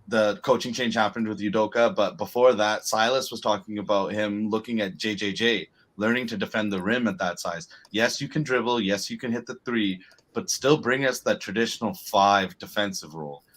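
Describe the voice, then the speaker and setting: A man co-hosting a sports betting podcast, explaining his points and telling stories in a measured, casual way. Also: lowish voice, a bit bright. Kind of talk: casual chat.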